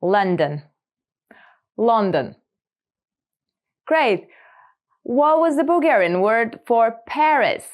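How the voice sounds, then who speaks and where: A woman hosting a scripted vocabulary lesson, repeating each word slowly and clearly for learners. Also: high voice, animated, lo-fi sound, noisy background. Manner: slow, clear repetition of words for learners. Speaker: language lesson host.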